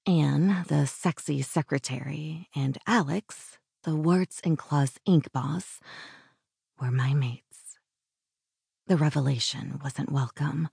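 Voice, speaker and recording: A woman narrating a first-person audiobook in a slow, measured way, sometimes dropping into a hushed whisper. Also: sits low, gravelly, husky, no echo, clean studio sound.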